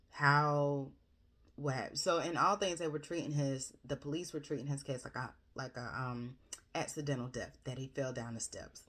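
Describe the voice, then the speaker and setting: A woman's voice: a bass voice, moderate pace. A woman recapping a book in a casual, rambling chat, gushing about it and correcting herself often. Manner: rambling, chatty, with frequent fillers and self-corrections; animated, gushing and expressive. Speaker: book reviewer.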